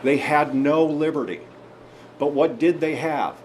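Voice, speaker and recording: A man's voice: fairly high pitch, a little slow, a little mellow, slight background noise. A man addressing an audience in a conversational history talk, telling the story and asking emphatic rhetorical questions. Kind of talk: history talk and advocacy speech.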